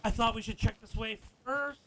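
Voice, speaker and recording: A streamer playing a game live, reading game text aloud in a hushed, halting way between casual remarks. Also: mid-range voice, steady tone, a little hiss or hum, rough recording.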